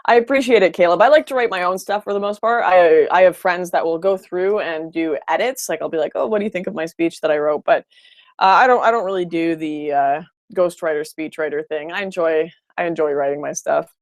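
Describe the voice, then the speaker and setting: A woman's voice: lowish voice, brisk, dry recording, studio quality. Blunt, opinionated woman on a livestream. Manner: blunt and opinionated, with frequent restarts. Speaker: livestream host. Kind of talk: casual livestream chat answering viewer comments.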